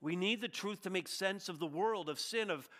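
A man preaching a sermon as a pastor, emphatic and earnest, moving between raised declarations and quieter passages. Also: sits high, moderate pace. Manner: emphatic preaching, swinging from loud to hushed.

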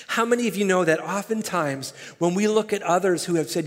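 Pastor, male, fairly high voice, emphatic sermon delivery, reverberant sanctuary sound. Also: animated, fairly quick, few pauses. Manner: emphatic, rising to loud peaks. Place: church sanctuary. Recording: hall reverb.

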